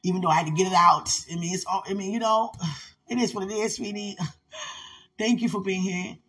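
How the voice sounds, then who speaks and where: A woman's voice: mid-range voice, fairly even intonation, fairly quick, a bit bright. A woman leading an emotional live prayer session, often tearful, sighing and laughing as she prays and calls her listener sweetheart. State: crying.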